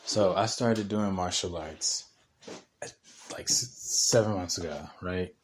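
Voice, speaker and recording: Brief: young man, low-ish voice, slangy podcast storyteller, laughs a lot, rambles. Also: slow, a little hiss or hum. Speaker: podcast co-host. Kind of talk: casual storytelling chat.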